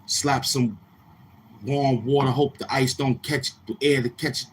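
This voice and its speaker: Unhurried and fairly even in intonation, a medium-pitched man from Brooklyn, New York rambles on his livestream, telling repetitive stories in loose street talk and acting out what others said. There's a slight hiss or hum.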